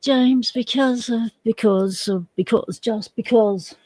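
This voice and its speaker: A woman's voice: on the high side, slow, a little mellow, no room sound, rough recording. A woman co-hosting a casual livestream, chatty and teasing as she greets viewers by name. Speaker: livestream co-host.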